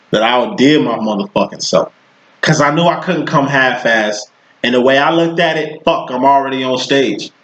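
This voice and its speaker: A man's voice: mid-range voice, poor audio. A man giving a casual tarot reading, talking in a profane, slangy, rambling way. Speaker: tarot reader.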